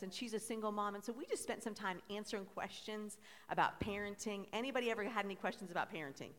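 Woman preaching in an echoing church. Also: medium pitch. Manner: chatty storytelling, then fervent prayer. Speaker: pastor. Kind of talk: sermon. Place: church sanctuary. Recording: long hall reverb.

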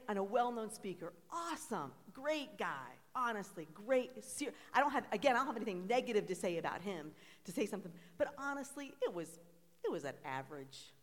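A woman pastor preaching a sermon, animated and conversational, asking the congregation call-and-response questions. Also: on the low side. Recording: long reverb in a church hall.

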